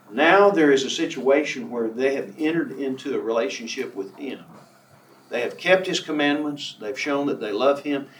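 A man preaching a sermon, emphatic, who reads scripture slowly and draws out key words. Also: a little high, fairly bright tone, recorded from a distance, slight background noise. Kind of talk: sermon on a Bible passage. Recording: echoey room from off the mic.

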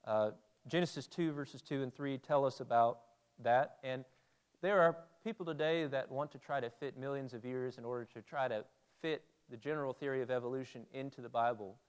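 A man's voice: medium pitch, fairly quick, clean tone. A man preaching a conversational Bible sermon, asking his listeners questions and reading scripture aloud. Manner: conversational, asks the audience questions.

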